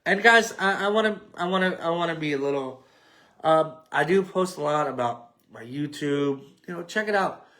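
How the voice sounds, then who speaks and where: Recording at home on a tripod, a solo sports podcast host speaks at a moderate pace in a fairly high, slightly bright voice. His wrap-up is rambling and jokey, nasal and mumbled, with plenty of fillers.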